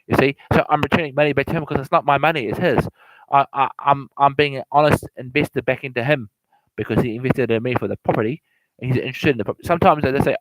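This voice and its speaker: A man's voice: medium pitch, fast, dry recording, low-quality recording. A man giving a casual, rambling explanation of investing, repeating himself, stumbling over words and laughing now and then. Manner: repetitive, stumbling, laughs often. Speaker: real estate explainer.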